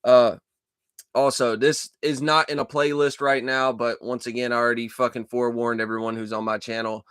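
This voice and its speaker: A man hosting a casual dream-journal vlog from a dark room at his computer, talking into a desk microphone in a rambling, profane way with lots of fillers and restarts. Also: mid-range voice, flat delivery, moderate pace, clear, resonant tone, no room sound, studio quality. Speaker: channel host.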